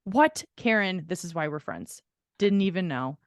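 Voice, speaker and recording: Animated, laughing woman telling a story. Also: deep voice, normal speed, no echo, studio quality. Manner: animated storyteller, laughs often, swears casually. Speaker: podcast co-host. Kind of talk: casual chat.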